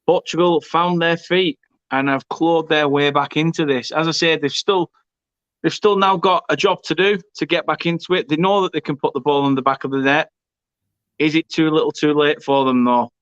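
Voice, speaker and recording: Here the watchalong host speaks at a moderate pace in a fairly high, steady, slightly bright voice, clean and free of room sound. Chatty and jokey, he reads out viewer comments and repeats himself as he stumbles. The stream audio comes across dull and lo-fi.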